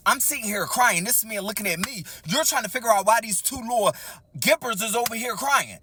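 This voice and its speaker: Fast, bright-voiced man telling a story. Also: sits high, slight background noise. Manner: animated, talks straight to the audience, acts out the dialogue. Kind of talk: casual storytime monologue.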